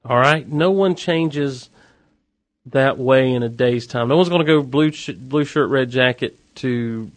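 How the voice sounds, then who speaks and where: A man with a mid-range voice chats through a TV episode recap in a loose, animated way. He throws in wry asides as he goes, and the recording is dry and close with no room echo. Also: medium pitch, unhurried.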